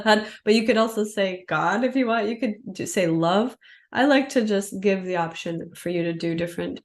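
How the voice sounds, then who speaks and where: A woman's voice: mid-range voice, a little mellow. Woman yoga teacher, live online class, casual and explanatory, demonstrating as she goes.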